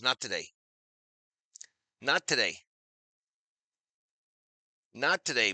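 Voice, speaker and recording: A man's voice: mid-range voice, expressive, slow, pauses often, pushed and bright, no room sound. A middle-aged man hosting a live watch-party stream, chatting casually, reading viewer comments aloud and calling plays as they happen. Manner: chatty, reads viewer comments, repeats phrases, addresses chat as y'all.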